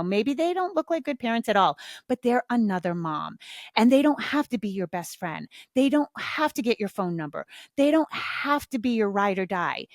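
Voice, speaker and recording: A woman's voice: on the high side, no echo, studio quality. Frank, swearing podcast host woman. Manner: frank, swears freely, acts out little dialogues. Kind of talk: casual solo podcast talk.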